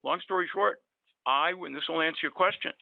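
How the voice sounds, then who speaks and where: Gravelly middle-aged man, rambling anecdotes, fillers, tinny dry phone-line sound. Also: a little high, brisk, no room sound. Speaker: guest dentist. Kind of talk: casual storytelling.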